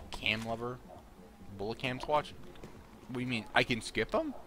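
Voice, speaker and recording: A man's voice: mid-range voice, very animated, a little slow, background noise. A young man giving annoyed, sarcastic gameplay commentary and swearing a lot. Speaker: let's play commentator.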